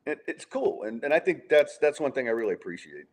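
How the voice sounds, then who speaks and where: A man's voice: mid-range voice, big pitch swings, fairly quick. A man hosting a sports podcast in casual chat, asking his guest open questions in a conversational way. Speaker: podcast host.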